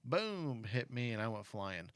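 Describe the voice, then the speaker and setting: Middle-aged dad, casual storyteller who acts out quotes, mid-range voice, dry close recording. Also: male voice, medium pitch, very animated, a little slow, clear, resonant tone, dry recording. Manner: earnest and cautionary when talking about safety. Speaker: parent talking with his kid. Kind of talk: casual chat.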